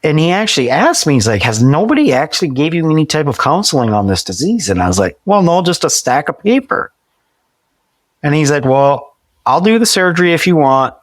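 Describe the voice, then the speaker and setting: A man's voice: on the high side, big pitch swings, fairly quick, no room sound. Podcast guest, male, forties; chatty storyteller, restarts a lot, animates quoted lines, dry recording. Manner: acts out quoted dialogue vividly; frequent restarts and repeated words. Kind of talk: conversational storytelling.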